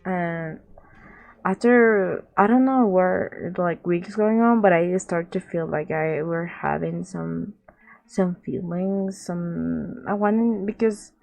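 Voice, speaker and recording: A woman's voice: on the low side, slow pace, vocal fry, a little mellow. A young woman with a Latin American accent, telling a rambling storytime in casual chat, repeating herself and acting out the people she quotes. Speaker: vlogger.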